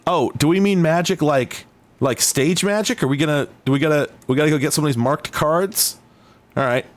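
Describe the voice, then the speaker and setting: Here the male host's voice sits fairly high, moving at normal speed in a recording with no echo. He chats to himself while playing old computer games for a casual video, wandering and sardonic, frequently stopping himself partway through a thought.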